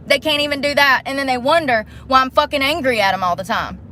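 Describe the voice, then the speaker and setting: A fairly high-voiced woman rants to her camera from inside her car at night. She talks angrily and bluntly, swearing often. Faint background noise sits under her voice. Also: fast talker, pushed and bright. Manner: angry, profane, blunt. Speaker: vlogger. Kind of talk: heated rant to the camera.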